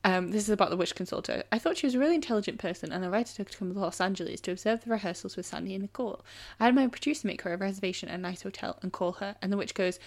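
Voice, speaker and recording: A woman co-hosting a casual podcast chat, reading quotes aloud with lively put-on voices. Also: medium pitch, quick pace. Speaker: podcast co-host.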